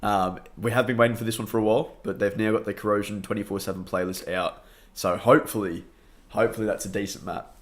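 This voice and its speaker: A man's voice: on the low side, steady tone, quick pace. A young Australian man chatting upbeat on a late-night live stream, greeting viewers by name and laughing often, a bit tired. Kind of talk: casual live stream chat.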